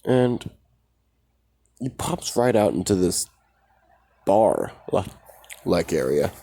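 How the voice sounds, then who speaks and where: A man's voice: sits low, very animated, slow, creaky, mellow. A man casually retelling a fan story in a rambling, profane way, full of fillers.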